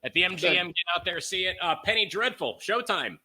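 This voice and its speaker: Male talk host, high and animated voice, quick agreeing backchannels, crowd chatter behind. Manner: short encouraging backchannels, plugs the guest's shows. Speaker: interview host. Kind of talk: casual interview chat.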